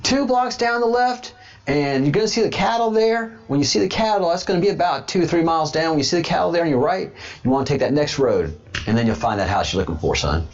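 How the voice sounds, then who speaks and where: A man's voice: on the high side, animated, fast talker, dull audio, pitched above the performer's own voice. A man putting on the voice of an old, hard-of-hearing rural man who drawls folksy directions and calls the listener son.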